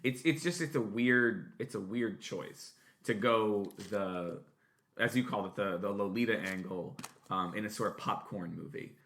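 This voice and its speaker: A man's voice: lowish voice, moderate pace, a bit bright. A man in his late thirties co-hosting a podcast, chatting casually and rambling with many fillers, restarts and casual swearing. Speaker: podcast co-host. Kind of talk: casual chat.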